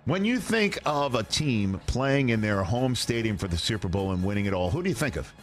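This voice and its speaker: A male sports show host pitches ideas in an upbeat, lively voice that moves up and down a lot. Faint music runs under the clip. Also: fairly quick. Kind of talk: sports talk show segment.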